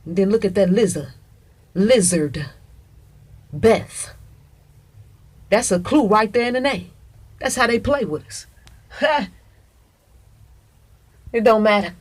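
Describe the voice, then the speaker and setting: A woman with a husky voice delivers a casual monologue straight to the camera. She presses every point hard, swears freely and keeps calling the listener "honey". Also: medium pitch, moderate pace, pauses often. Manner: emphatic, profane, calls listener "honey".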